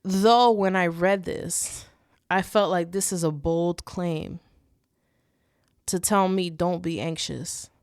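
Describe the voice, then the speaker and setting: A woman's voice: lowish voice, slow, darkish tone, clean tone, no room sound, clean studio sound. A young woman hosting a faith podcast, talking earnestly and casually, with many restarts and rhetorical "right?"s. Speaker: podcast host.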